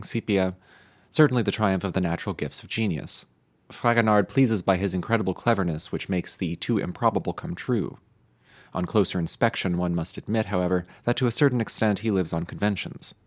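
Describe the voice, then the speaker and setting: Low-voiced man reading old texts. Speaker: reader. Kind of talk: reading historical texts aloud.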